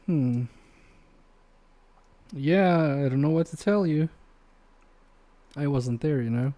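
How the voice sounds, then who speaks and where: A man's voice: a little high, takes it slowly, dark tone. A man chatting casually with his live-stream chat while repairing electronics, joking, swearing and laughing often. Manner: laughs often between remarks.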